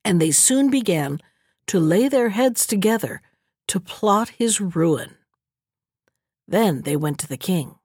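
A woman narrating a fairy tale audiobook in a steady, measured storytelling manner. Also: medium pitch, dry recording, studio quality.

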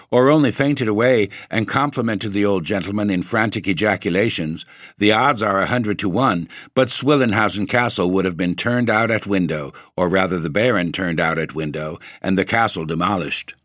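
A man narrating a classic story for a podcast, in a measured, wry storytelling manner. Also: on the low side, fairly bright tone, no room sound, studio quality. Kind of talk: scripted ghost-story reading.

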